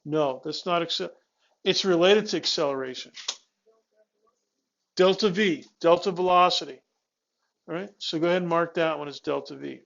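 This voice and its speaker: High-voiced man lecturing a physics class. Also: moderate pace, gravelly, long pauses, fairly bright tone, muffled recording. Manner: talks students through steps, with restarts and checking questions. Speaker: physics instructor.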